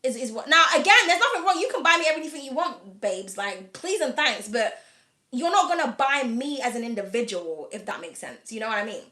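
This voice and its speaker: High bright woman, frank to camera. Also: expressive, fairly quick, roomy sound. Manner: frank and blunt, swears freely, laughs often. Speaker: host of an astrology reading channel. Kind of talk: casual candid chat to camera.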